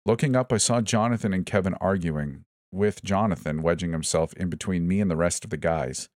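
A man's voice: low-pitched, a little fast, a little mellow, dry recording, clean studio sound. A man reading a first-person horror story aloud, tense and suspenseful, giving each character his own voice. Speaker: narrator. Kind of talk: scripted horror story narration.

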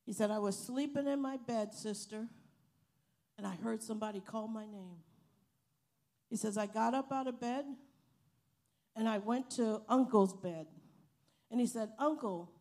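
A woman preaching a sermon, telling a story slowly and building to loud, emphatic praise. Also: on the high side. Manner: slow, emphatic preaching that swells to loud hallelujahs. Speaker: missionary preacher and Bible college teacher.

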